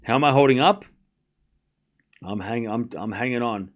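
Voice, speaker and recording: A man's voice: mid-range voice, normal speed. A man hosting a live tennis watchalong, chatting casually with viewers and calling out scores in a jokey, rambling way. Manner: chatty, jokey, calls scores while reading chat. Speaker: watchalong host.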